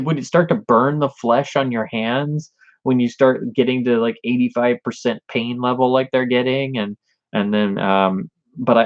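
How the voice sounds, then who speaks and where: A fairly low-pitched man hosts a casual livestream, talking with a chatty, enthusiastic fan's energy. The sound is dry and close, with no room around it. The audio is a bit dull and lo-fi. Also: dry recording. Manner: enthusiastic, chatty film fan. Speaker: livestream host. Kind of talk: casual livestream chat about films.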